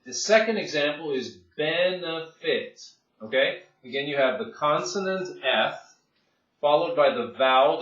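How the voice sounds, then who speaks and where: A man's voice: medium pitch, a bit bright. Man teaching grammar in a roomy echo. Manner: repetitive, checks in with "okay?", many restarts and fillers. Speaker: English teacher. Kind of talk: grammar lesson explanation. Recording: distant, roomy, dull lo-fi sound.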